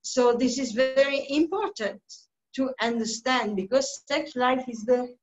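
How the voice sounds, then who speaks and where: A woman giving a slow, deliberate scripture class, pausing often with soft fillers. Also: high voice. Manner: slow, deliberate teaching with many pauses and fillers. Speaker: spiritual teacher. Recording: dull lo-fi recording.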